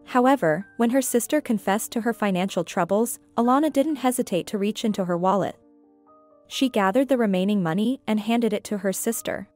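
A woman reading a scripted story aloud in an even, measured way. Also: fairly high pitch, soft background music.

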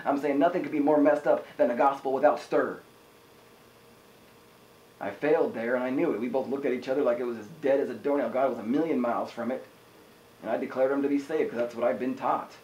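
A man preaching a sermon in an energetic, conversational way, often asking the listeners "amen?". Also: on the high side, quick pace, echoey room, poor audio. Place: house church room.

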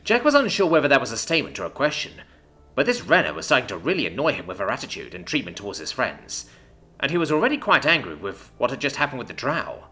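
A man narrating a science fiction story with a lively, expressive reading. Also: mid-range voice, fast talker.

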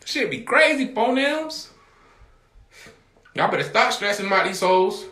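A man hosting a livestream, talking casually to his viewers in a loud, rambling, profane way and often shouting. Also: sits high, sing-song, a little slow, echoey room.

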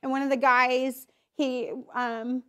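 High-pitched woman, church testimony speaker, candid and emotional storyteller. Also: little pitch movement, slow, fairly bright tone, clear, resonant tone. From Idaho, US. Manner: candid, emotional storytelling with acted inner voices. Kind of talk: personal testimony talk.

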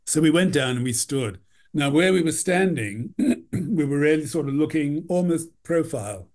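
A man's voice: a little high, lively intonation, a little slow, a little mellow. A man, a costume designer, telling backstage stories in an interview, rambling with many "you know"s and acting out quotes. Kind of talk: anecdotal interview storytelling.

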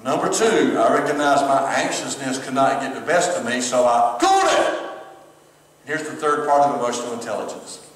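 A man's voice: mid-range voice, a little fast, far from the mic. Man preaching in an echoey hall. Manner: conversational preaching with asides to online viewers. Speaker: pastor and former chaplain. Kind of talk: sermon. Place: church sanctuary, streamed service.

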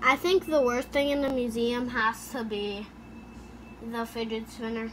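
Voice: medium pitch, fairly even intonation, a little slow, noisy background. A gaming YouTuber giving goofy, chatty commentary over gameplay, talking into a headset mic. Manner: chatty, goofy, makes sound effects.

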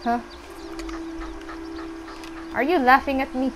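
A young woman casually commenting on her gameplay, chatting to the animals on screen and squealing when excited. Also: high voice, slow pace, background noise. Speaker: gameplay streamer.

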